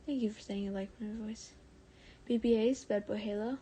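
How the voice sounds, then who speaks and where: Reading fan fiction on a live stream at a moderate pace, this woman has a mid-range voice and fairly even intonation. She's often soft and breathy, trips over words and corrects herself, and talks with viewers in between.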